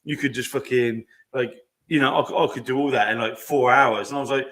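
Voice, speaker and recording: Fast, bright-voiced man. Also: mid-range voice, fairly even intonation. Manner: profane, rambling, acts out arguments. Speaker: podcast co-host. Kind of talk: casual chat.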